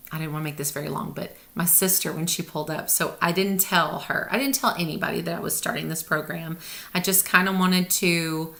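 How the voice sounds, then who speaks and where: Middle-aged female vlogger, low-leaning pitch, upbeat and meandering, lots of ums. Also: fairly bright tone. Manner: chatty, rambling, upbeat with many fillers. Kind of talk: casual video diary.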